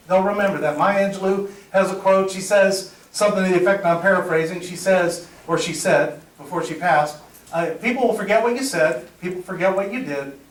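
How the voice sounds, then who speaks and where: Energetic middle-aged male workshop trainer. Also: high voice. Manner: energetic storyteller, acts out dialogue, laughs at own jokes. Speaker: presentation skills trainer. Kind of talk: live workshop talk. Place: meeting room with audience. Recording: roomy sound from a distance.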